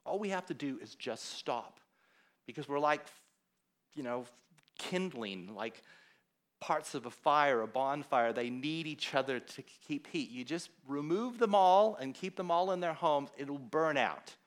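A pastor from Australia preaching a conversational sermon in a church hall, telling stories and acting out what other people said. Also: male voice, on the high side, a little slow. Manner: conversational storytelling, quoting others with animated voice.

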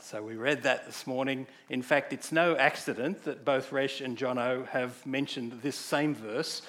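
A man's voice: mid-range voice, a bit bright. A man preaching a sermon in a conversational way, putting questions to the congregation.

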